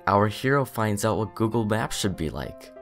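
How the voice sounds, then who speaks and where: A man reading dry scripted narration between gameplay clips in a flat, matter-of-fact way. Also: fairly low pitch, normal speed, music in the background. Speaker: video editor narrating.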